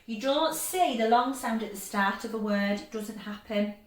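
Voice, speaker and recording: A woman teaching a phonics lesson to young children, encouraging and stretching sounds out slowly. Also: a little high, echoey room. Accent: English.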